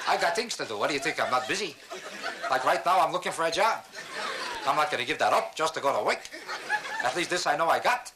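A man doing a stand-up routine, with deadpan, mock-serious bragging to a laughing audience. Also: fairly high pitch, fast, pauses often, background noise. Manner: deadpan boastful delivery with mock-serious asides. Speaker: stand-up comedian.

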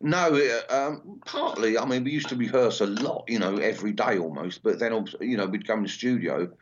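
Low-voiced rambling older English man. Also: fairly quick, a little hiss or hum. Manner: rambling, full of ums and restarts. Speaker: interview guest, punk singer. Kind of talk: casual interview chat. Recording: slightly dull lo-fi sound.

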